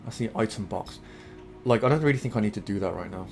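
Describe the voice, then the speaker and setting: A man's voice: fairly low pitch, lively intonation, fast talker, a little mellow, faint music behind. A young Englishman casually commenting while streaming a video game, rambling and laid-back with plenty of filler. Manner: rambling, laid-back, swears and laughs a lot. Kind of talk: let's play commentary.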